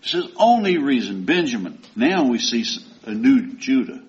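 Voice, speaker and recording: Male preacher, folksy sermon storytelling, conversational, medium pitch, dull lo-fi recording. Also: big pitch swings, moderate pace.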